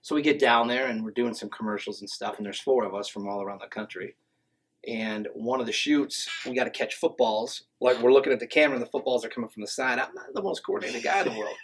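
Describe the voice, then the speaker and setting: A man's voice: mid-range voice, quick pace, slight background noise, low-quality recording. A man guest on a podcast, telling stories in a casual, joking, self-mocking way. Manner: joking, self-mocking, deadpan tall tales. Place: podcast studio.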